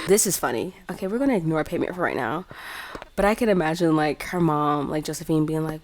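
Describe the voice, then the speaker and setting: A woman's voice: sits low, lively intonation, quick pace, a little hiss or hum. Chatty young woman narrating a game. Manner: chatty, filler-heavy, playful. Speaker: let's play host. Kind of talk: casual game commentary.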